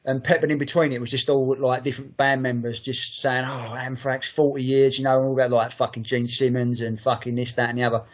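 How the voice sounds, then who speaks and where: A man's voice: medium pitch, little pitch movement, fast, hardly any pauses. A man co-hosting a podcast, chatting in a sweary, enthusiastic, rambling way. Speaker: podcast co-host. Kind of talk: casual chat.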